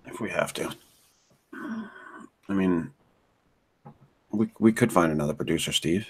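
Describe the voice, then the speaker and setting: A man's voice: low-pitched, expressive, unhurried, slightly rough. A man co-hosting a podcast from home over an online call, profane and teasing, with a mock-dramatic streak. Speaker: podcast co-host. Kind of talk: casual chat.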